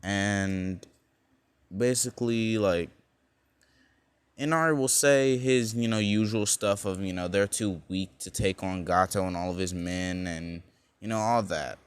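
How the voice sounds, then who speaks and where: A man's voice: on the low side, measured pace, clean tone, dry recording. A young man casually telling a fan-made alternate story, rambling along with lots of fillers and frequent self-corrections.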